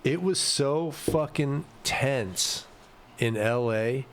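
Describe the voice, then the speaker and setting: A man's voice: medium pitch, drawn-out words, a little hiss or hum. A man talking in a casual, profane and emphatic way on a comedy podcast. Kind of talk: casual chat. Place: podcast studio.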